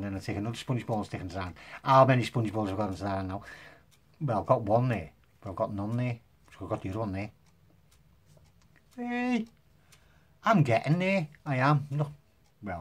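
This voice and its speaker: A man's voice: mid-range voice, husky. A man casually demonstrating magic tricks to the camera, joking and poking fun at himself as he rambles. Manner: jokey, self-mocking, rambling.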